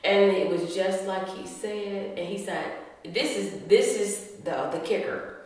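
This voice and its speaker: A woman, a podcast guest telling her story with animated quotes and frequent laughter. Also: mid-range voice, measured pace, distant mic. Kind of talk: storytelling interview chat. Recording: echoey room, voice from the mic.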